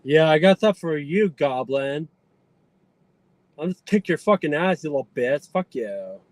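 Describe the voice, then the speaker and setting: A man's voice: a little high, lively intonation, normal speed, no room sound. Squealing, trash-talking man. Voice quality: loud squealing "ooh" yelps, profane taunting.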